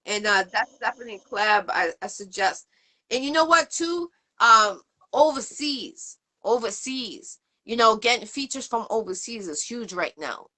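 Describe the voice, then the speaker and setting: A woman from the area hosts a casual interview, her clear as she rambles cheerfully through shout-outs and "um"s. Her voice sits a little high and sounds bright and forceful. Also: animated, moderate pace. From Boston area, USA. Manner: rambling, upbeat, full of shout-outs and fillers. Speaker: interview show host.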